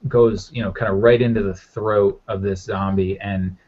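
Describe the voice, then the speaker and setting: A man's voice: on the low side, fairly even intonation, moderate pace. A man narrating as game master in a loose, rambling way with lots of fillers. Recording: muffled lo-fi audio.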